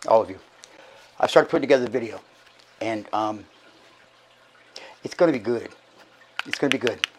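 Hoarse, breathless pastor. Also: male voice, fairly low pitch, a little hiss or hum, poor audio. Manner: chatty, folksy, halting restarts. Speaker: archbishop giving church announcements. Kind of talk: casual church announcements. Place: church sanctuary.

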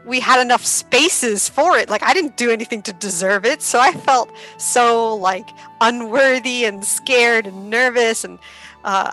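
A woman guest on a podcast, chatting casually and animatedly, laughing often and filling her sentences with "like". Her voice is bright and clear, and sits a little high. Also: low-quality recording. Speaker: podcast guest, karuta player.

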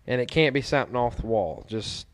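A man's voice: mid-range voice, very animated, brisk. A young man co-hosting a casual chat, swearing freely and telling stories with animation. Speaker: podcast co-host.

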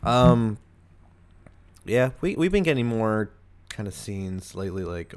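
With a lowish, smooth, animated voice, a young American podcast host chats casually at a slightly slow pace, pausing at length. He rambles loosely, restarting often and saying "like" a lot.

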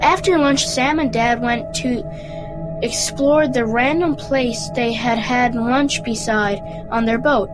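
A woman's voice: fairly high pitch, takes it slowly. A woman reading a short story aloud carefully, with small stumbles. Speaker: story reader. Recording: music playing underneath.

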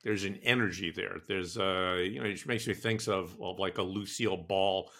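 A man's voice: deep voice, fairly even intonation, moderate pace, fairly bright tone. An older man co-hosting a podcast, talking in an enthusiastic, easygoing way. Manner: enthusiastic, laughs easily, restarts often. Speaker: co-host. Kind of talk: casual podcast chat.

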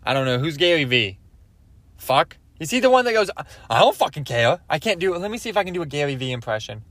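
A man's voice: fairly high pitch, big pitch swings, quick pace, a bit bright, dry recording. A man in his twenties doing a rambling comic podcast monologue, often breaking off and asking "okay?". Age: 20s. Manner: rambling, self-interrupting, asks "okay?" often. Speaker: podcast host.

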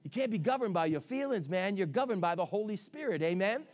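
A male pastor preaches with an emphatic delivery, and his voice is very high. His pitch leaps around animatedly as he swings from shouted lines to soft asides. It has the fervor of a live sermon. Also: expressive, brisk.

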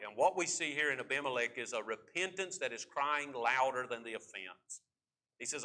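Guy preaching a sermon, really bright voice, kinda high, plays out the story characters and slows way down on the big points. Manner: emphatic preaching that acts out the figures in the story; slows right down to stress key points.

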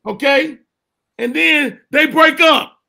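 A man co-hosting a comedy podcast, telling a story with animated acted-out bits. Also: extremely high pitch, slow, vocal fry. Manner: animated, acting out scenes and shouting quotes. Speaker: podcast co-host. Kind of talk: comedic debate banter.

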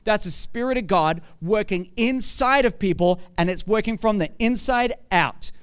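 A man preaching a conversational sermon who keeps asking rhetorical questions and builds to forceful emphasis. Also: sits high, normal speed, clear, resonant tone.

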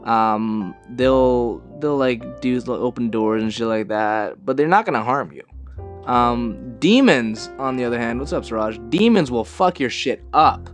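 A young man hosts a casual podcast in a rambling, profane way, chuckling as he goes. His voice sits mid-pitched for a man. Faint guitar music plays in the background. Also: a little slow. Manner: rambling, profane, laughing storyteller. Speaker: podcast host.

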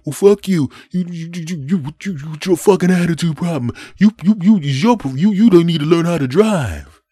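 A man voicing a hostile, cursing male driver who stammers as he shouts. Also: fairly high pitch, expressive, a little fast, breathy edge, dry recording, pitched above the performer's own voice. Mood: belligerent.

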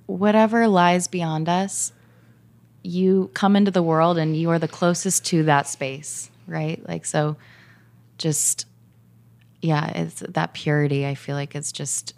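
A woman who is a podcast guest, speaking in soft, searching, halting phrases. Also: low voice, flat delivery, vocal fry. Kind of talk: casual conversation.

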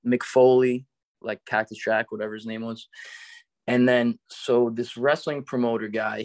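A man's voice: mid-range voice, dry recording. A man in his forties telling a story as a guest, in a laid-back, rambling way, full of "like". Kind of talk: casual storytelling.

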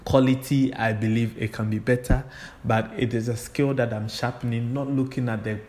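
A man hosting a solo podcast, talking in an unhurried, reflective way with frequent fillers. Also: medium pitch, fairly even intonation, darkish tone, slight background noise. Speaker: podcast host.

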